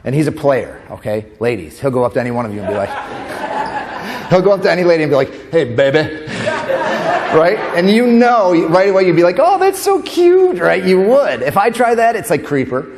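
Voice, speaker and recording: A man giving a conference keynote as a comedian and motivational speaker. He moves between tender storytelling and animated comic bits. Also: on the high side, fairly quick, background noise. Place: conference hall. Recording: long hall reverb.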